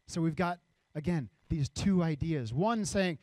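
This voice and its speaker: Pastor, male, lively sermon delivery, slips into character voices, fairly high pitch, dry close sound. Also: a little slow, no room sound. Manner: expressive, acts out voices of people in the story.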